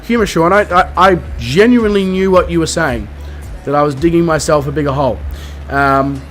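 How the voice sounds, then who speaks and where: A man's voice: a little high, fairly quick, a bit bright, faint music behind. A man with an Australian accent, streaming a flight game and chatting casually with his viewers in a rambling, self-mocking way. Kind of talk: casual chat with live viewers.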